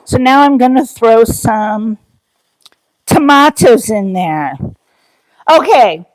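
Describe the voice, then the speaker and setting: A woman's voice: a little high, animated, slow, long pauses. Chatty woman hosting a cooking stream. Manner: chatty and rambling, laughs easily. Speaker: host of a cooking livestream. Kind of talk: casual livestream cooking chat.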